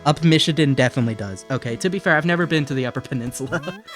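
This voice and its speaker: A man's voice: a little high, rapid-fire, a bit bright, soft background music. A man in his twenties from Ohio with a subtle Ohio accent, rambling and swearing freely in casual chat as a streamer playing a game. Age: 20s. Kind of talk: casual chat while gaming.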